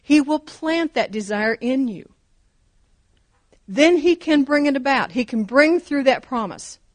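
A woman's voice: sits high, lively intonation, a little slow. Fervent woman preaching, emphatic repeats. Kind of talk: sermon.

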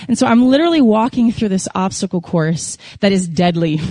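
A woman sharing an emotional faith testimony to a congregation, telling it as a lively story and acting out her prayers. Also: medium pitch, no room sound. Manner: animated, emotional storytelling with laughs and acted prayers. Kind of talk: sermon testimony.

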